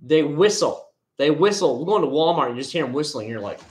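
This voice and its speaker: A man's voice: fairly high pitch, a little fast, few pauses. A man hosting a casual livestream from home, rambling and answering viewers' comments by name. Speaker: livestream host. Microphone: headset.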